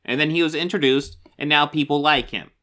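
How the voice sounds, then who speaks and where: A young man talks through a reaction video with a bright, forceful voice. He sounds exasperated and sarcastic, and he swears casually as he rebuts the clip. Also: on the high side, a little fast. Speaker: commentary host. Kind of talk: reaction commentary.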